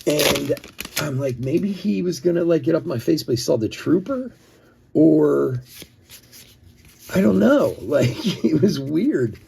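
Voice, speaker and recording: Philly guy with a rough gravelly low-key voice, chuckling, telling a long story while opening cards. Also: very animated, slow pace, darkish tone. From Philadelphia area. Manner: rambling, chuckles often, says "like" a lot. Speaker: sports card breaker.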